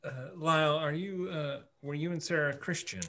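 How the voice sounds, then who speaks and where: A man's voice: on the high side, steady tone, normal speed, pushed and bright. A man playing a tabletop game in a casual, hesitant way, with frequent restarts. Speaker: player.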